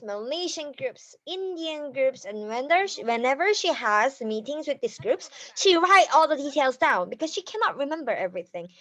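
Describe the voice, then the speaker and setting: A woman giving a business training talk in slightly non-native English, lively and acting out examples with laughter. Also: high-pitched, lo-fi sound.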